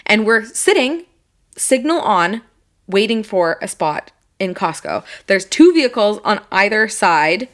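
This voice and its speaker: A woman's voice: mid-range voice, a bit bright. A woman co-hosting a podcast, telling a story in a casual chat, swearing freely and acting out a heated exchange. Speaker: podcast co-host.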